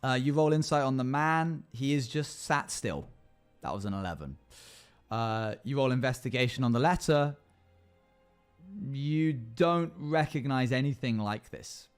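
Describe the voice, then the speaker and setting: A man, running a tabletop game on a livestream as game master, narrating slowly and deliberately with casual asides to his chat. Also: mid-range voice, expressive, clean tone, soft background music.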